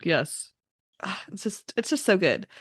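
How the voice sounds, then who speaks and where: A woman's voice: mid-range voice, sing-song, a little slow, slightly rough, dry recording. Chatty woman recapping, dry close sound. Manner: chatty recaps, frequent agreeing "mm-hmm" and "yep". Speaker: podcast co-host. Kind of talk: casual chat.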